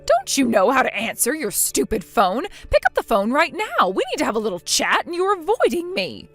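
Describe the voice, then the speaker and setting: A synthetic woman's voice playing a spiteful, bossy older mother-in-law in a text-chat story, scolding with contempt and a lively pitch. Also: brisk, faint music behind, exaggerated voice. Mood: demanding.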